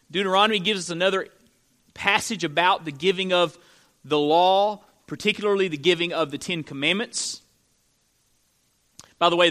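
A pastor from Florida preaching to his congregation in a high, bright voice. He talks conversationally, slipping in joking asides between Scripture readings. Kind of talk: sermon.

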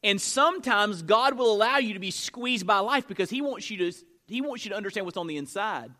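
A man's voice: high voice, lively intonation, a little fast, bright, forceful tone. A man preaching a sermon, asking the congregation rhetorical questions and using frequent fillers and restarts. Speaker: pastor.

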